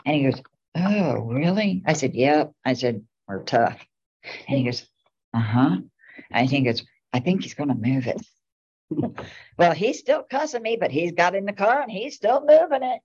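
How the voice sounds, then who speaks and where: A woman's voice: fairly low pitch, lively intonation, fairly quick, a little mellow, slightly rough. A middle-aged woman and town commissioner, rambling through casual anecdotes at a meeting. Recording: dull lo-fi meeting recording.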